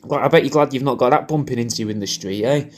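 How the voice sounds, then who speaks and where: Male comic, crude rambling birthday shout-out, average pitch. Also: fast talker. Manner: rambling, crude, jokey, repeats himself. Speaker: comedian recording a personalised video message.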